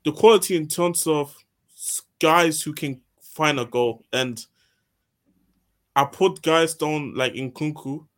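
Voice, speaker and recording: A man's voice: fairly high pitch, takes it slowly. Rambling man talking football. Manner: rambling, repeats himself. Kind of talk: casual football chat.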